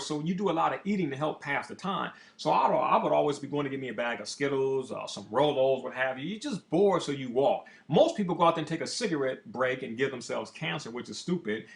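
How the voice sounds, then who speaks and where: A man who is a motivational speaker, telling a personal story in a casual, profane, animated way. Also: on the high side. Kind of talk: storytelling monologue.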